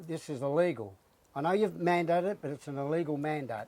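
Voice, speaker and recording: A middle-aged Australian man, an interview guest, telling his story with animated flair and acting out his own lines. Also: on the high side, fairly quick. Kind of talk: casual interview.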